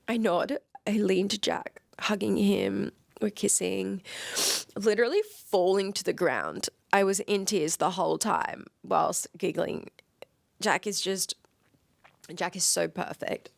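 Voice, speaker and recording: Giggly woman with a gravelly edge. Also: medium pitch, a little slow, dry recording. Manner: giggly, gushing and emotional, lively retelling. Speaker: podcast host. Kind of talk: personal storytelling podcast.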